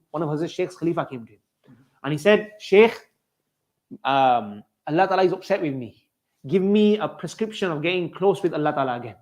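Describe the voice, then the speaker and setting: Fast-talking male preacher telling stories. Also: fairly high pitch, darkish tone. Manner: storytelling, addresses listeners as dear brothers. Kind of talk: sermon.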